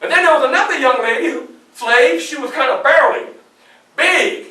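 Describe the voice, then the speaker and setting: A man performing Frederick Douglass, high and loud. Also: moderate pace, recorded from a distance. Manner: animated, often shouting, audience call-and-response. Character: Frederick Douglass, a defiant young man escaping slavery. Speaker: historical portrayer. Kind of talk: first-person storytelling performance. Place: public library event room. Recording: echoey room, mic from afar.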